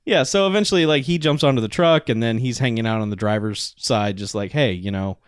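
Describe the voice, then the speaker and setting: A man in casual chat who recaps a film's plot in an animated way and laughs often. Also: mid-range voice, fast, clean tone, dry recording.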